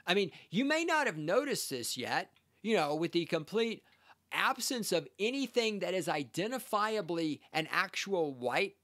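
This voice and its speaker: A man's voice: high voice, fairly bright tone. A man hosting a podcast, delivering a scornful, sarcastic rant as he reacts to a text he reads aloud. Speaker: podcast host. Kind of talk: ranting commentary reacting to a read-out text.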